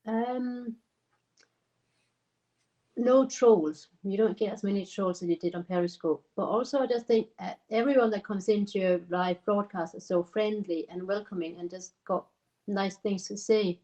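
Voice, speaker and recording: Danish-born woman, Scottish accent, warm low tone, relaxed guest chatter. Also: moderate pace, poor audio. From Denmark. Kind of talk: casual chat on a live stream.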